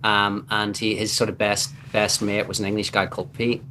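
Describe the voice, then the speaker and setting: Northern Irish male guest, low voice, lively raconteur who acts out his anecdotes. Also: moderate pace, slight background noise. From Northern Ireland. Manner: animated storyteller who acts out quotes. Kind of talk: casual storytelling chat.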